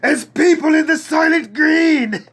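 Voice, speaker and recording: Man doing a high-pitched, desperate movie-hero shout, theatrical. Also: unhurried. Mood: anguished shouting. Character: anguished shouting man, film-hero impression.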